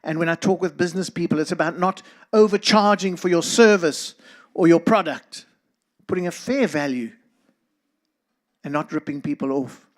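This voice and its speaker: A middle-aged man with a South African accent speaks to a congregation in an earnest, preacherly way. His voice sits fairly high for a man, and he turns now and then to address people in the room by name. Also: normal speed, pauses often. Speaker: guest speaker. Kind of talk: church talk to a congregation.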